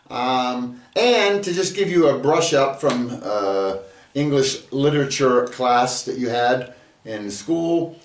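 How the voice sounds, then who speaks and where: A man's voice: medium pitch, roomy sound. A man giving a casual Bible lesson video, chatty and full of fillers, reading his verse aloud. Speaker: bible teacher.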